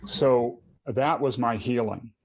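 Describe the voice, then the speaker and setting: A man's voice: mid-range voice, slow, a little hiss or hum. A middle-aged man giving a personal testimony in casual conversation, earnest, often restarting and repeating words. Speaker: podcast guest.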